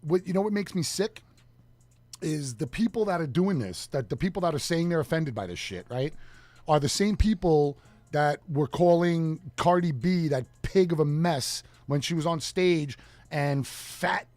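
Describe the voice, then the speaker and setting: A man's voice: a little high, expressive, normal speed, darkish tone, no room sound. A man co-hosting a radio talk show, swearing a lot as he rants in casual chat, recorded in a studio. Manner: profane ranting, heated. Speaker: co-host.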